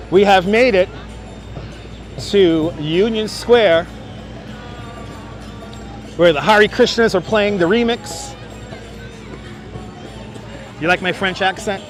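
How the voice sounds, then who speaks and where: A man hosting a walking-tour livestream, chatting casually and joking with viewers, often laughing, on a clip-on mic outdoors. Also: sits high. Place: outdoors on city streets. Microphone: wireless clip-on mic. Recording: faint city street noise.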